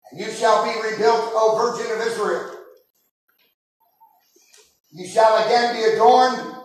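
High-voiced preaching man in an echoing hall. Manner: impassioned preaching, rising to shouts. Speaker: pastor. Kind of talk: sermon. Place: large church sanctuary. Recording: very echoey hall, mic far off.

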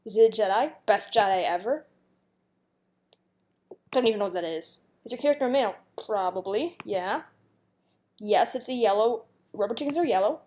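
A woman's voice: medium pitch, expressive, normal speed, long pauses, a little mellow. A young woman YouTuber chatting casually and giggling as she reads out a guessing game's questions and answers them. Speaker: YouTuber playing a guessing game. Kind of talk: casual gameplay commentary.

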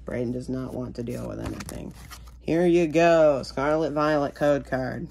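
A man's voice: mid-range voice, moderate pace, creaky, a little mellow, a little hiss or hum. A man casually narrating while he opens trading card packs, rambling and joking to himself and sometimes calling himself by name in the third person. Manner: rambling, jokey self-talk, refers to himself in third person. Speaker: card-opening video host.

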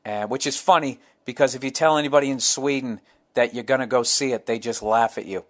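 In his rambling, heavily profane solo podcast, a man jumps between tangents and quickly voices both crowd members and himself. He speaks in a mid-range voice that's a bit bright.

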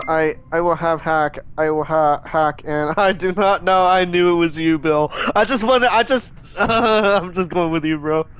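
A male streamer with a high, light voice who talks over his game in a rambling, excitable rush. He stumbles and restarts often and keeps scolding his chat as he goes. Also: clear, resonant tone. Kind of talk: live gaming stream chat.

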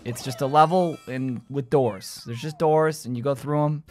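A man giving live gameplay commentary, joking with his chat and yelling and squealing when things go wrong. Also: mid-range voice, normal speed, faint music behind. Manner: excitable, yells and squeals at game moments. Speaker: gaming streamer.

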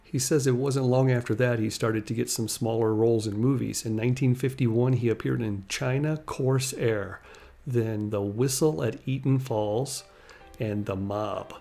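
A man's voice: medium pitch, fairly even intonation, normal speed, gravelly, hardly any pauses, dark tone. A man narrating a life story in a casual, conversational way, retelling anecdotes with small laughs. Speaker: channel host and narrator.

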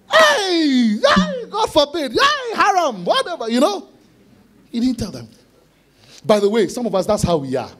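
A man preaching an expository sermon to students, animated, acting out voices with sudden shouted bursts. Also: a little high, slightly rough. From Ghana. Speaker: conference speaker preaching to students.

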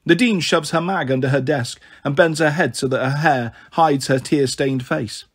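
A man reading a novel aloud in an expressive, lively storytelling manner. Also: fairly high pitch, moderate pace, breathy edge.

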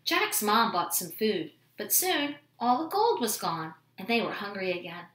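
A woman reading a children's storybook aloud at home, expressive and animated. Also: medium pitch, unhurried, reverberant. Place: home room with dogs.

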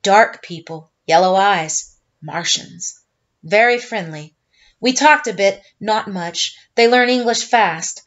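A woman's voice: mid-range voice, slow, fairly bright tone. Woman doing a polite lieutenant reporting to his captain, slightly muffled. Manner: reporting, deferential. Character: young army lieutenant, dutiful and polite.

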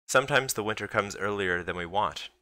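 A man's voice: on the low side, fairly quick, bright, forceful tone, dry recording, voice pushed up. A man reading a teasing, sick father who speaks in grand mock-solemn poetry.

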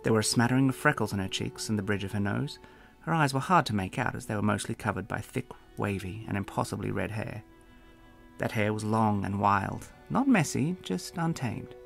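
A man's voice: lowish voice, brisk, vocal fry, fairly bright tone, faint music behind. A man, the author, narrating a fantasy novel in a dry, wry storytelling manner. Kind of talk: audiobook narration.

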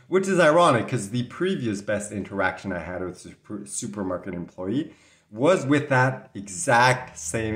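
A man from Canada telling a story to the camera in a casual, rambling way, sometimes indignant, with an occasional cough. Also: on the low side. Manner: chatty, rambling, mildly indignant. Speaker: vlogger. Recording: echoey room sound.

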